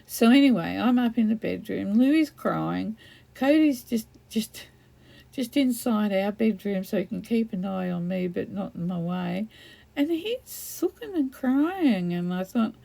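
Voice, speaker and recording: A woman's voice: mid-range voice, creaky, warm tone. A middle-aged woman chatting casually while crafting, rambling and laughing often. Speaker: craft video host.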